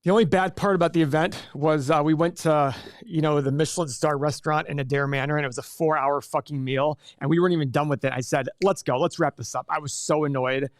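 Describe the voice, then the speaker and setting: A man's voice: fairly high pitch, fairly even intonation, quick pace, few pauses, no room sound, studio quality. A man in his forties hosting a casual livestream, chatting loosely and reading viewer comments aloud. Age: 40s. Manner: chatty, rambling, reads chat aloud. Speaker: livestream host.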